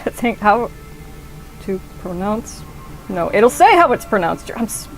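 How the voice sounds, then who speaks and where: A young woman streaming a game, talking in a rambling, excitable way and swearing often. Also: mid-range voice, a little slow, soft background music, rough recording. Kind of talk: casual gameplay commentary.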